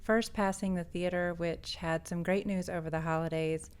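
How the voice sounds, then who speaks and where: A woman, an artist and shop owner, narrating her vlog in a calm, matter-of-fact voice-over. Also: on the low side, moderate pace, clean tone. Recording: voice-over with faint background music.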